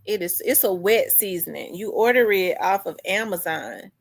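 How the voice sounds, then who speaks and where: A woman's voice: medium pitch, expressive, normal speed, gravelly. Chatty woman rambling to her viewers. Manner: chatty, restarts and talks back to chat comments. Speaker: livestream host. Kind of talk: casual chat with live viewers.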